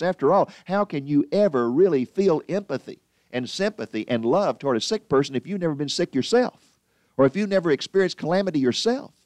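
A man preaching a sermon with emphatic delivery, slowing down to read scripture. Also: darkish tone, no room sound. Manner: emphatic, swinging pitch for stress, slows on scripture.

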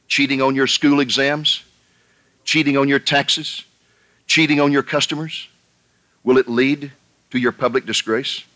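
A man's voice: medium pitch, sharp tone, dry recording. A male pastor preaching a sermon, pressing the listeners with emphatic rhetorical questions and rising sharply when he addresses them directly.

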